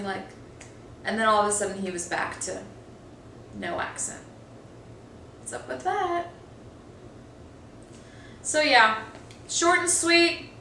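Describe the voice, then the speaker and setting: A woman's voice: mid-range voice, bright, forceful tone, a little hiss or hum. A woman giving a casual, exasperated movie review, rambling with lots of fillers and restarts. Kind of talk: casual opinionated film review. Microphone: phone. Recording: echoey room with faint ambience.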